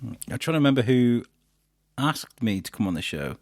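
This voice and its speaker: A man chats on his own podcast as the guest of honour. He rambles warmly through anecdotes, stumbling on fillers and slipping into the voices of the people he quotes. The sound is close and dry, with no room around it. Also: mid-range voice, big pitch swings, moderate pace, dry recording. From England. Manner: chatty storyteller, acts out quotes, many fillers and restarts. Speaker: podcast host being interviewed. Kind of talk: casual podcast chat.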